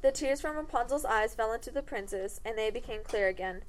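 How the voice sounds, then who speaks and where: A woman's voice: on the high side, fairly quick, slight background noise, poor audio. A woman narrating a comic fairy tale in a wry tone, correcting herself and the cast along the way.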